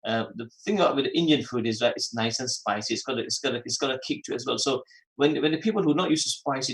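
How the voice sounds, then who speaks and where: A man's voice: mid-range voice, very fast, a bit bright, poor audio. A man hosting a religious phone-in radio show who repeats phrases for emphasis and mixes in Arabic and Urdu terms. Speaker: radio host.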